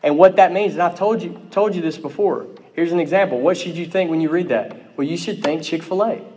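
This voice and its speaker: A man preaching a sermon in an emphatic manner, often checking in with "okay?" and rising in pitch and volume on key phrases. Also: a little fast, darkish tone. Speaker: pastor.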